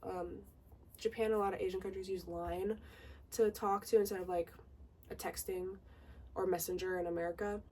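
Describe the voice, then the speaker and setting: A young woman vlogger telling a story in a casual get-ready-with-me video, chatty and animated, with lots of "like". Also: on the low side, normal speed, long pauses, breathy edge, far from the mic.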